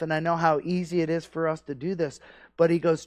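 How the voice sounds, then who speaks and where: A man's voice: on the high side, fairly even intonation, moderate pace, a little mellow, no echo, studio quality. A middle-aged male pastor preaching a conversational sermon that builds into emphatic, repeated exhortations. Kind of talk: expository sermon. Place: church sanctuary.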